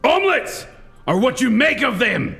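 A man doing an impression of a bellowing film warrior king, slow and shouted. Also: very high-pitched, sing-song, vocal fry, voice pushed up, heavily acted. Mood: rousing. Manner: bellowing, drawn-out. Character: roaring Spartan-king action hero, male.

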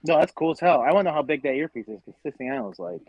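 A man's voice: fairly high pitch, very fast, breathy edge, no room sound, dull audio. Profane, ranting man in casual chat. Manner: profane, ranting, animated storytelling. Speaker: guest, tailgate group leader.

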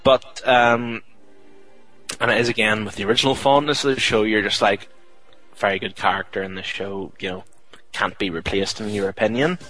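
A man's voice: fairly low pitch, steady tone, normal speed, bright, forceful tone, dry recording, faint music behind, low-quality recording. A young man, a podcast host chatting casually and jokily, rambling with fillers. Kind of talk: casual chat.

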